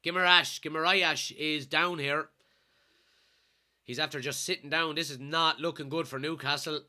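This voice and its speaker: An Irish man from Kilkenny with a blocked nose from a cold, excitedly commenting live on a football match and reading out chat messages as a watchalong streamer. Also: fairly high pitch, normal speed. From Kilkenny, Ireland. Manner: excitable, shouts at players and referee.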